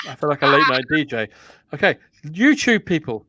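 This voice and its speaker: A man's voice: fairly high pitch, big pitch swings, fairly quick, pushed and bright. A man hosting a casual comedy chat, playfully running a quiz and reading out viewer guesses. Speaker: host running a lookalike quiz.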